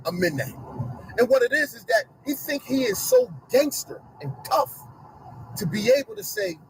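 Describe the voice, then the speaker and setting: A man's voice: very high-pitched, sing-song, normal speed, creaky, a little hiss or hum, low-quality recording. A middle-aged man giving an emphatic, repetitive, preachy commentary rant to his online audience from inside a car.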